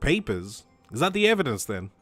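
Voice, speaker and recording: A man's voice: mid-range voice, sing-song, moderate pace, a bit bright, soft background music. A man voicing a cheerful, teasing teenage girl in a game, the playful younger sister. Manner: bouncy, teasing.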